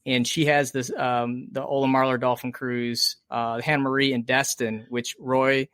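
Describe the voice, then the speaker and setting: A man's voice: medium pitch, level tone, moderate pace, a bit bright, clean tone, no room sound, studio quality. A man hosting a podcast in casual chat, hesitant with many fillers. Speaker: podcast host.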